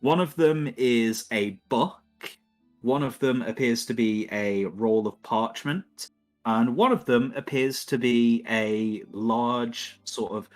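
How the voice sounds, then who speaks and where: A man running a tabletop game as game master on a livestream, narrating in a casual, self-mocking way. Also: mid-range voice. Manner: casual, self-mocking, laughs at own voices.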